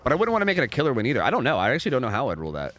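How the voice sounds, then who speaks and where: A man's voice: medium pitch, huge pitch swings, rapid-fire, a bit bright, faint music behind. A young man casually commentating a game live on stream, rambling, repeating himself and swearing freely.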